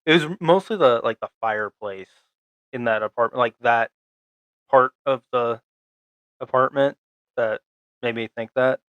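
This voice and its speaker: Young man, podcast co-host, halting casual recap, mid pitch, dry close mic. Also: no echo, lo-fi sound. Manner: rambling, halting, many fillers and restarts.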